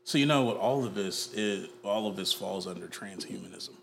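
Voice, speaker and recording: Low-voiced man in casual talk. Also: moderate pace, vocal fry, a little hiss or hum. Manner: animated, slips into playful put-on voices. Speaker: podcast co-host. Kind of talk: casual chat.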